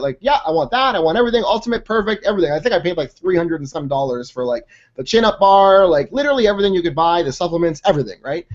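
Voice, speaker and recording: Guy coach telling his story on a team call, chatty and energetic, lots of "like", dull lo-fi call audio. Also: a little high. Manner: energetic, chatty storytelling with many "like"s and mild slang. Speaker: guest speaker and fitness coach. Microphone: conference call line.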